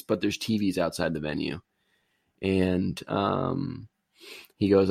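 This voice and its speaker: A man with a low, gravelly voice rambles easygoing through a movie recap. His delivery is relaxed and conversational, and the sound is close and dry with no room around it. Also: measured pace, dry recording. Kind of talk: casual chat, retelling a movie plot.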